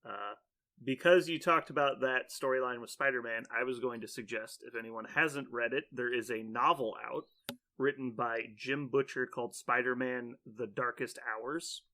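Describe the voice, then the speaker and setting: Bright-voiced animated male podcast host. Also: mid-range voice, normal speed. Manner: animated storyteller, laughs often, rambling with many likes. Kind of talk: casual chat.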